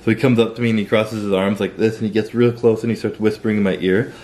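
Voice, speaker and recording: A man's voice: fairly low pitch, fairly even intonation, fast talker, a little mellow. A young man from Canada, telling a personal story to camera in a loose, profane way full of "like". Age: young adult. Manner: loose and profane, heavy use of "like". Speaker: vlogger. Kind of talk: casual storytelling.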